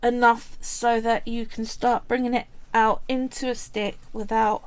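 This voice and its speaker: A woman's voice: on the high side, little pitch movement, measured pace. A woman hosting a live craft tutorial, chatty and explaining each step as she works. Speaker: craft livestream host.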